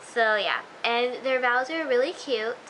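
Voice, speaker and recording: Girl chatting through a tv recap, high bright voice, lots of like and um, faint hiss. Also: unhurried, low-quality recording. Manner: gushing, chatty, full of "like" and "um". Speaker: TV episode reviewer. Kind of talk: casual vlog recap.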